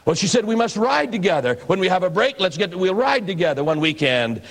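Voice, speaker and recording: An older man from Idaho, an evangelist preacher, telling his life story in a sermon with folksy, animated delivery and acted-out quotes. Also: high-pitched, brisk. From Idaho, USA.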